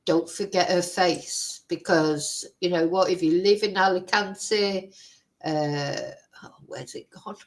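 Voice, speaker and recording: A woman's voice: fairly low pitch, steady tone, slow pace, poor audio. A woman vlogger giving heated, indignant commentary, exclaiming in outrage. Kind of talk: angry ranting commentary.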